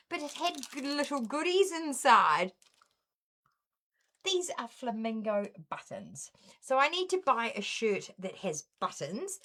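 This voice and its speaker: A woman's voice: fairly high pitch, sharp tone. A middle-aged woman with a New Zealand accent, hosting a casual craft live stream and greeting viewers one by one by name.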